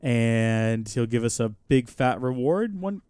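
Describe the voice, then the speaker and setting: A man streams a game live, talking in a lively voice that rises and falls a lot. His chatty, jokey commentary sounds dry and close to the mic. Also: mid-range voice, takes it slowly, smooth, no room sound. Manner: chatty, jokey, reacting out loud. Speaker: host.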